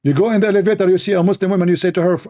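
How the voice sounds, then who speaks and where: A man hosting a live call-in debate stream, talking in a heated, mocking way, his voice hoarse from shouting. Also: high voice, steady tone, very fast.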